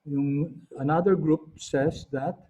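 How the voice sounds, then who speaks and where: A man with a Filipino accent teaching an online class, switching between languages and pausing often with fillers and throat clearing. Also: on the high side, steady tone, mellow. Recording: dull lo-fi audio.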